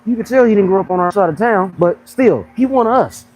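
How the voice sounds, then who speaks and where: Young male fitness coach on a casual live chat: slangy and joking, with a lively voice that rises and falls a lot. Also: high-pitched, fast talker, rough recording. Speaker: fitness coach and pro bodybuilder.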